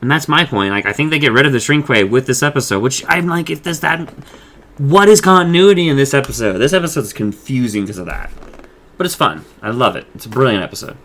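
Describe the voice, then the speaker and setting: A man's voice: mid-range voice, animated, fast talker, fairly bright tone. A man hosting a podcast, casually recapping and discussing an episode in a rambling way, swearing freely and paraphrasing the characters' lines. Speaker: podcast host.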